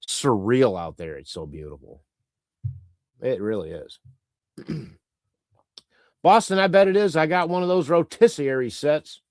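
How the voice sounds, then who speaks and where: A male live-stream host who rambles through viewer comments with casual swearing and an offhand, irreverent manner. His mid-range voice moves a lot in pitch and stays animated. The sound is dry and close, with no room echo. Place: lives in Canada.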